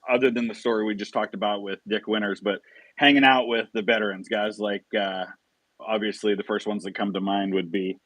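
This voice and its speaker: A man's voice: lowish voice, steady tone, a little fast, a bit bright, dry recording, low-quality recording. A male host in a casual live chat, easygoing, asking questions and laughing along with his guest.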